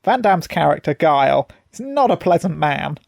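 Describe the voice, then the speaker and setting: A man's voice: on the high side, big pitch swings, normal speed, vocal fry, darkish tone, no echo, clean studio sound. A man co-hosting a podcast, chatting casually and sarcastically, swearing as he goes. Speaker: podcast co-host. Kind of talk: casual chat.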